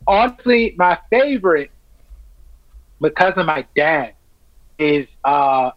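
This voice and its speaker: A high-pitched man talks easily and eagerly, sprinkling his sentences with "man" and "like". He sounds dry and close, with no room around him. The lo-fi line dulls his voice. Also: big pitch swings, takes it slowly, no echo. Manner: laid-back and enthusiastic, peppered with "man" and "like". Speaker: stand-up comic, podcast guest. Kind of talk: casual podcast chat.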